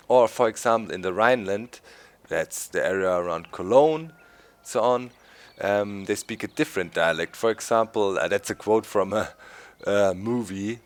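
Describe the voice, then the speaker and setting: A man's voice: on the low side, unhurried. A man from Swabia with a German accent, chatting casually as host of a gameplay video, laughing often. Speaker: let's play host.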